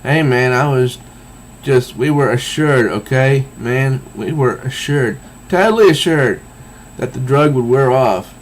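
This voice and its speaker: A man's voice: medium pitch, a little slow, a little hiss or hum, close to an everyday voice. A man voicing a panicky young man from a comic who stammers and pleads defensively.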